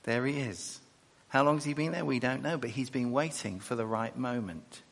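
A man preaching a sermon and reading scripture, animated and chatty, with quick asides and self-corrections. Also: medium pitch, gravelly. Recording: echoey hall.

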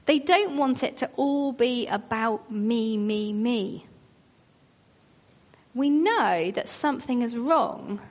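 A woman preaching a sermon, earnest and questioning, telling it like a story. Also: on the high side. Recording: long reverb of a large hall.

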